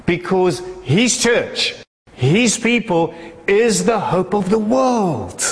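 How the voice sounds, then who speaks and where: A man preaching a sermon with passion, his delivery soaring and then dropping into a low, conversational tone. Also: a bit bright. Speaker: pastor. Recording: echoey hall with long reverb.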